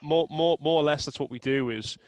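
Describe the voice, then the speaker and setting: A man guesting on an interview, explaining his approach in a steady, thoughtful way. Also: a little high, low-quality recording. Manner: measured, explanatory, with fillers and restarts. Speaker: guest, sales software co-founder. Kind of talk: casual interview chat.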